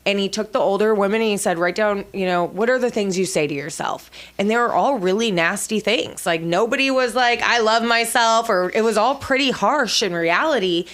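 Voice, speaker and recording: A woman in her thirties co-hosting a casual motivational chat, with chatty, animated storytelling. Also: mid-range voice, fairly quick, hardly any pauses. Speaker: co-host.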